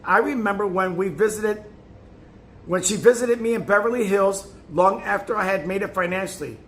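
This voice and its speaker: A man's voice: high-pitched, normal speed, a bit bright, a little hiss or hum. A man reading a self-help booklet aloud in an emphatic tone, now and then stumbling and restarting a phrase. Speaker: narrator.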